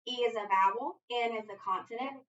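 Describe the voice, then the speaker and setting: A woman's voice: fairly high pitch, fairly quick. A woman reading teacher walking a student through a phonics lesson step by step, with an encouraging manner. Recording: distant dull lo-fi recording.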